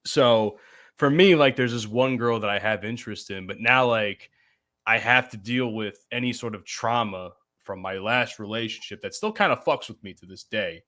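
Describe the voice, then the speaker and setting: A man co-hosting a podcast, talking in a candid, halting way about his own confidence. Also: lowish voice, fairly bright tone. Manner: candid, halting and self-deprecating. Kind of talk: casual chat.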